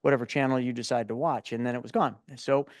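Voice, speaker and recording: A man in his forties, a guest in an interview, telling stories in a lively, casual way and often repeating words as he starts a thought. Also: medium pitch, fast, no room sound, studio quality. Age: 40s. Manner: animated storyteller, repeats words when starting.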